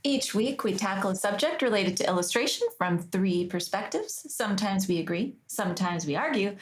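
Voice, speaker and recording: A middle-aged woman co-host talks in a chatty, self-mocking way. She drops quick asides into her stories. Her pitch is mid-range. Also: expressive. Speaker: podcast co-host, illustrator. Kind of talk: casual podcast chat.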